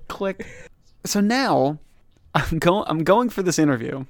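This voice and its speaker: A man who drops his g's, co-hosting a podcast in animated, exasperated casual chat. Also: on the high side, a little slow, dry recording, clean studio sound. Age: late 30s. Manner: drops the g's in words ending in -ing. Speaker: podcast co-host.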